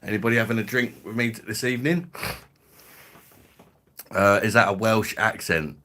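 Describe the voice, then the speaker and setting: A man's voice: on the low side, normal speed, sharp tone, slight background noise. A man from London with a Cockney-ish accent, hosting a casual live stream and chatting matily with viewers. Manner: matey, chatty, drops in slang and laughs.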